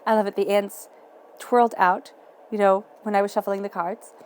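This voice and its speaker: A woman giving a tarot reading, speaking in a soft, encouraging way and repeating phrases for emphasis. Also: medium pitch, fairly even intonation, normal speed. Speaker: tarot reader.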